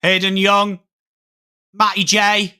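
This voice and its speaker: A man on a live stream, chatting with viewers and calling the game, with excited outbursts on big plays. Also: high voice, slow pace, clear, resonant tone. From England. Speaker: watchalong streamer. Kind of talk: live game commentary mixed with chat.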